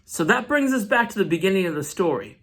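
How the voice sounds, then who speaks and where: A man hosting a comic book channel, recapping an issue in casual, animated storytelling with side rants. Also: high-pitched, quick pace.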